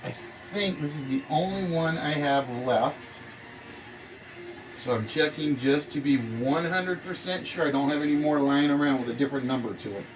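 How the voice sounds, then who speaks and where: A man's voice: a little high, moderate pace. A man hosting an online game show, chatting casually with viewers and often correcting himself as he talks. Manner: rambling, self-correcting, talking to chat. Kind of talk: casual live-stream chat.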